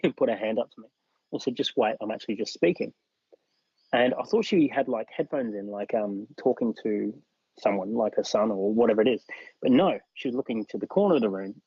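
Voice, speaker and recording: Australian man, podcast guest, storytelling, acts out quotes, dry close sound, slightly husky. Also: lowish voice, a little mellow, no room sound, muffled recording. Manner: acts out other people's lines while recounting. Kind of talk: personal storytelling in a podcast interview.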